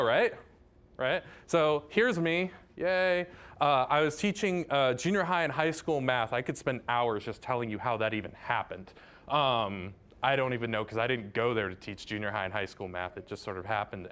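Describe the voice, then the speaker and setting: Man, math professor, public lecture, enthusiastic, chatty, self-deprecating, mid-pitched voice. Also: animated, normal speed, a bit bright. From Southern California.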